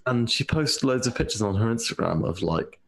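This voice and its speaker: A man's voice: medium pitch, very animated, brisk, creaky, slightly rough. A man co-hosting a casual gaming podcast over a remote call, chatty and telling stories. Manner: chatty, storytelling. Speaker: podcast co-host. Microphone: remote call mic.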